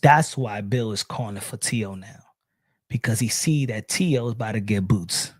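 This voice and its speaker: A man's voice: on the low side, moderate pace, husky, no room sound, studio quality. A man giving a casual boxing opinion rant, blunt, profane and mocking. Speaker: boxing commentator.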